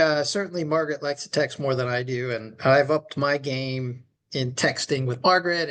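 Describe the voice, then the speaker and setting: A man co-hosting a podcast and working as a leadership coach, talking in a reflective, measured way. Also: mid-range voice, a bit bright. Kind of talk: casual podcast conversation.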